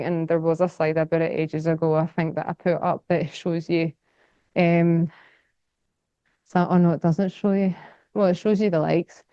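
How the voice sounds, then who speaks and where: A woman's voice: on the low side, warm tone, clear, resonant tone, no room sound. A young Scottish woman giving a casual talk to a society, chatty and enthusiastic, rambling with lots of fillers. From Scotland. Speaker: guest speaker. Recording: dull, dry lecture recording.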